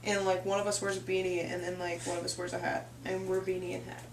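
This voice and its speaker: A woman's voice: on the low side, little pitch movement, quick pace, distant mic, slight background noise. A young woman from Canada hosting a casual chat, rambling and giggly. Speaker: host. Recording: echoey room, off-mic.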